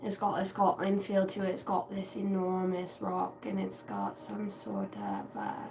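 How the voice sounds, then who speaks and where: A woman's voice: medium pitch, big pitch swings, unhurried, darkish tone. A woman giving a casual livestream tarot reading. She talks in a meandering, reflective way and swears casually now and then. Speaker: tarot and intuitive reader. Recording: distant mic with faint background noise.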